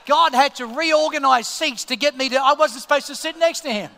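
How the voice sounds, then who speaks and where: A middle-aged Australian man preaching from the pulpit in a strikingly high voice, telling stories with animated swings between hushed asides and loud, excited peaks. His sermon rings with the long reverb of a large church hall. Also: brisk. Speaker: pastor. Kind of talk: sermon with personal storytelling. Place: church auditorium.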